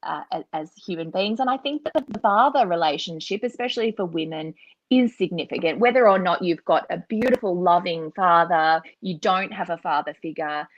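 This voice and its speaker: A woman's voice: fairly low pitch, normal speed, no room sound. An Australian woman author answering interview questions in a chatty, reflective way, over slightly dull video call audio. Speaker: author, guest.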